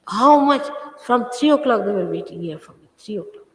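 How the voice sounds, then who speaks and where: An older woman speaks to her followers informally as a spiritual teacher, her medium-pitched voice expressive and moderately paced. Scolding and emphatic, she repeats phrases for stress. It was captured on 1980s archive tape in an echoey hall.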